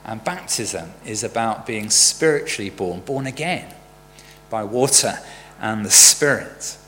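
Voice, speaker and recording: Bright-voiced male preacher in a reverberant hall. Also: fairly low pitch, animated, unhurried. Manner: conversational, storytelling preaching. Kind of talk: sermon with a joke. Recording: church hall reverb with faint hum.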